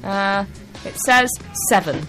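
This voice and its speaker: A woman's voice: mid-range voice, expressive, takes it slowly, fairly bright tone, faint music behind. A young woman co-hosting a student radio show, chatty and giggly. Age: young adult. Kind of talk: casual chat.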